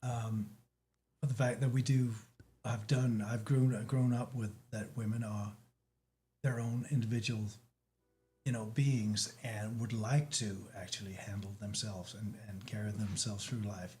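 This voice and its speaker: A man from Denmark with a Danish accent, talking as a guest in a casual chat, halting with many restarts and fillers. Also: fairly low pitch, steady tone, warm tone.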